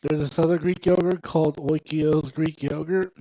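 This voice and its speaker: A young man doing a stand-up set at a comedy club, rambling and working the crowd with deadpan asides. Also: a little high, moderate pace, no echo, rough recording.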